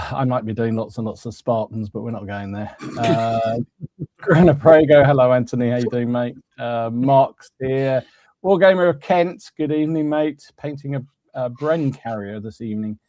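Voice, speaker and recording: A man's voice: medium pitch, dark tone, dry recording. Chatty man hosting a hobby podcast. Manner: chatty, greets viewers, laughs often. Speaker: podcast host. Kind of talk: casual live-stream chat.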